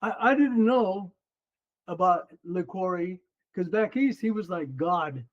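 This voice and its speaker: An older man in his seventies, a former runner and coach, recounts his racing days as a podcast guest. His voice sits high for a man and stays lively throughout. The audio is slightly dull and muffled. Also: takes it slowly. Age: 70s. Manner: lively, animated storyteller. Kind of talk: casual storytelling interview.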